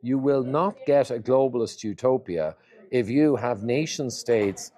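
A man's voice: medium pitch, measured pace, mellow. A man speaking as an interview guest, laying out his points one by one in an emphatic, list-like way. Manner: lays out points in lists, emphatic. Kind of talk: interview conversation.

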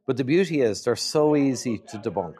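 This interview guest has a mid-range, mellow, expressive voice and talks fairly quickly. His delivery is emphatic, with ideas set out in list form, point after point.

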